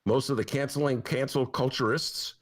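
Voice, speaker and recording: A man hosting a podcast as a newspaper columnist, delivering a casual comic monologue in a sarcastic tone and often jumping into high mock voices. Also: fairly even intonation, normal speed.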